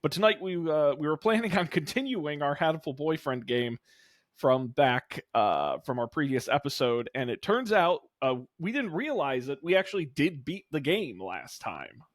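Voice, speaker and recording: A man hosting a casual podcast, playful and animated, tossing in silly sound effects. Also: fairly high pitch, normal speed, no room sound, clean studio sound. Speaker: podcast host.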